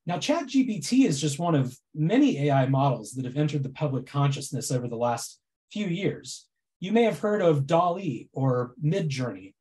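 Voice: mid-range voice, big pitch swings, moderate pace, mellow. A presenter giving a prepared comic speech at a meeting, sarcastic and mock-enthusiastic throughout.

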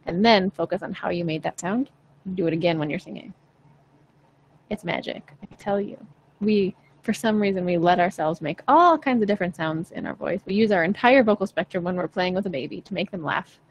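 A woman's voice: on the low side, expressive, brisk, dull audio, slight background noise. A young adult woman teaching singing in a casual, chatty way, frank and playful, swearing now and then. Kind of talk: casual livestream voice lesson.

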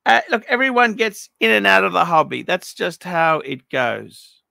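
A middle-aged man reviews a watch collection in a blunt, swearing rant. His voice sits high and gravelly, with a sharp, forceful edge. The sound is dry and close. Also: big pitch swings, moderate pace, no room sound. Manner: blunt, profane, ranting advice. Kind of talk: unscripted paid review monologue.

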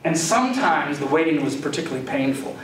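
An older man from the Chicago area tells stories to a lecture audience in a loose, self-deprecating way. His voice sits a little high. It comes from far off in a very echoey hall with faint hiss. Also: sing-song, fast talker. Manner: conversational, anecdotal, self-deprecating. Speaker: guest lecturer. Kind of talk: storytelling lecture.

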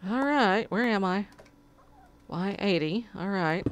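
A woman hosts a casual gameplay video, chatting her way through it in an unhurried drawl. She talks to her cat between moves. A faint hiss and some clicks sit under her voice. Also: mid-range voice, expressive. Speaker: let's play host.

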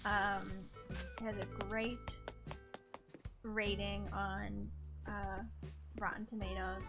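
A woman co-streamer chatting casually on a live stream, laughing often and reacting with excitement. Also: medium pitch, slow pace, gravelly, music in the background. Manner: giggly, animated.

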